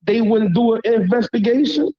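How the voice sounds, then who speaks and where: A man's voice: very high voice, moderate pace, muffled recording. A man from Louisiana with a Southern accent, calling in to a panel and ranting bluntly in slang, often asking "you hear me". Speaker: caller on a panel. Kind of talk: heated call-in rant.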